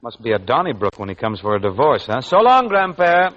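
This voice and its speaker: A man's voice: medium pitch, sing-song, fairly quick, a bit bright, no room sound, highs cut off. A breezy, scheming con man. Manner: brash, breezy, wisecracking. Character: fast-talking scheming young male con man. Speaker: narrator and lead. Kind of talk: 1940s radio comedy acting.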